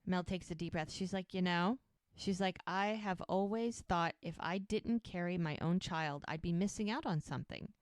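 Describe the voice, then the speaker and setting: A woman's voice: fairly low pitch, moderate pace, dry recording, clean studio sound. A woman co-hosting a podcast, casually retelling TV scenes and quoting characters' lines. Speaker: podcast co-host. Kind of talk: casual recap chat.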